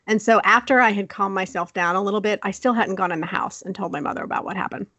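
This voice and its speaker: A young woman casually telling a childhood story on a podcast, animated and laughing often. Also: mid-range voice, fast, no room sound. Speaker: podcast co-host.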